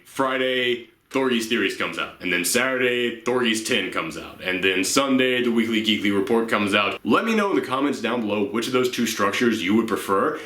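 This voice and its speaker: Earnest young man vlogging, bright voice. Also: mid-range voice, reverberant. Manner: unscripted, rambling, earnest. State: tired, late at night. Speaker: YouTube channel host. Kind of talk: casual vlog to viewers.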